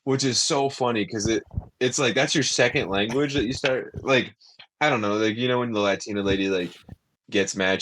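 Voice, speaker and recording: A man co-hosting a comedy podcast, riffing loosely and laughing often between quick impressions. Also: sits low, a bit bright. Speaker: podcast co-host. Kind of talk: casual comedic banter.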